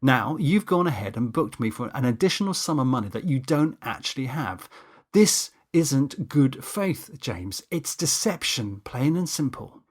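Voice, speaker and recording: Give me a man playing a pompous, indignant cinematographer with a husky voice. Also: mid-range voice, expressive, brisk, hardly any pauses, natural voice. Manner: indignant, lecturing, stiff formal wording. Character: pompous, touchy male cinematographer, adult.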